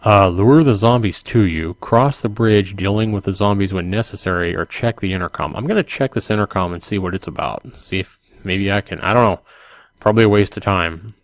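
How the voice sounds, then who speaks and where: Low-voiced man reading a story softly. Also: fairly quick, no echo. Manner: calm narration with casual thinking-aloud asides. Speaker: channel host reading a text game. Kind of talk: ASMR read-aloud of an interactive story.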